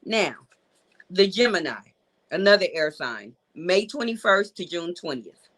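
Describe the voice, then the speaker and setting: A woman's voice: lowish voice, big pitch swings, measured pace, fairly bright tone, rough recording. A woman, hosting a live call-in show in a loose, chatty way and talking straight to her viewers. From Georgia, USA. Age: 40s. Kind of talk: casual live-stream chat.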